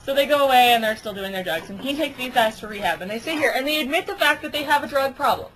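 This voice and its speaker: A woman's voice: high voice, expressive, fast, a bit bright. A woman casually narrating a made-up story with toy ducks, rambling with giggly asides. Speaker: storyteller with toys. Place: home. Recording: home video with noisy hiss.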